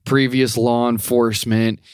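A young man co-hosting a podcast, casual chat, swearing a lot and retelling a story with lively impressions. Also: medium pitch, unhurried, clear, resonant tone, dry recording, studio quality. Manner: profane, animated retelling with rising shouty impressions. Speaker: podcast co-host.

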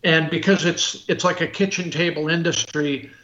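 Halting man on an echoey, muffled line. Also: fairly high pitch, steady tone, pushed and bright. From United States. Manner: halting, full of restarts and fillers. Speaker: guest expert on military rifles. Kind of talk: podcast interview.

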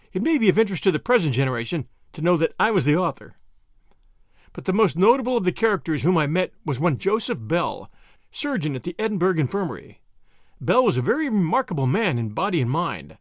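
A man narrating memoir recollections aloud in an animated, expressive storytelling manner. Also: fairly high pitch, no echo, clean studio sound.

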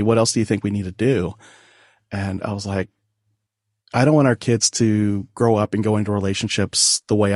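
A man's voice: lowish voice, husky, no echo, studio quality. A man in his forties, a podcast guest, telling a personal family story in a candid, self-deprecating way with frequent laughs.

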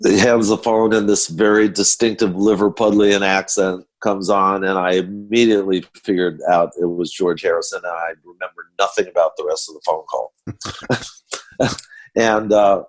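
An older man, a photographer guest, telling backstage anecdotes in an animated storytelling manner. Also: low-pitched, normal speed. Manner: animated storyteller acting out quotes.

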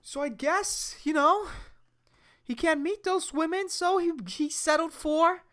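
A woman's voice: very high-pitched, a little slow, fairly bright tone. A woman hosting a comedy podcast, rambling with crude slang and frequent laughter. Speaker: podcast host. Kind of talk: casual comedic monologue.

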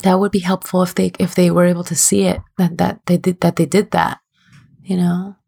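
A woman's voice: fairly low pitch, level tone, fairly quick, vocal fry, mellow, slightly rough. Young woman coach on a podcast, frank and self-mocking, laughs easily. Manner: open and self-deprecating, laughs often. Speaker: relationship coach, guest. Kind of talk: candid podcast conversation.

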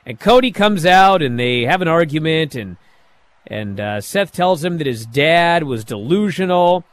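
A man casually recapping a wrestling show, animated and sarcastic, acting out quotes with sudden bursts. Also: on the high side, a little slow, no room sound.

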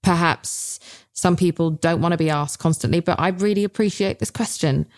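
A woman in her thirties with a low-pitched voice, talking candidly as a podcast co-host. She swears freely and tells stories with animated energy. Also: normal speed. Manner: frank and swearing, animated storytelling. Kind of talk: candid casual chat.

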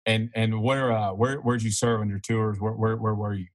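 Guy interviewing, lowish voice, kinda stumbles and repeats words asking stuff. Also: flat delivery, moderate pace. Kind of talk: interview questions.

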